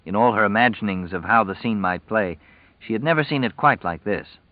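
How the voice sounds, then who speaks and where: A man reading a novel aloud as audiobook narrator, steady and measured. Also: on the low side, dry recording, phone-quality sound. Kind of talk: scripted narration.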